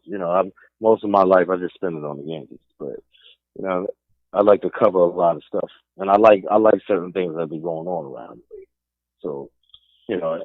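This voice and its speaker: Brief: streetwise New York sports radio host, opinionated rant, deep-ish voice, dry phone-quality sound. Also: male voice, dry recording. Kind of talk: casual sports talk radio. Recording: dry, phone-like narrow band.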